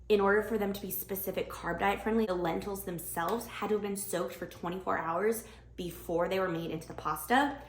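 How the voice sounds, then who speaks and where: A young woman vlogging in casual, bubbly chat straight to camera, talking with lots of enthusiasm. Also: medium pitch. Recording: echoey room.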